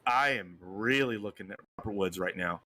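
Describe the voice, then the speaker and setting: A man's voice: fairly low pitch, moderate pace, bright, forceful tone, no room sound. A man co-hosting a casual fantasy football podcast, hesitating and thinking aloud over his picks. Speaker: podcast co-host.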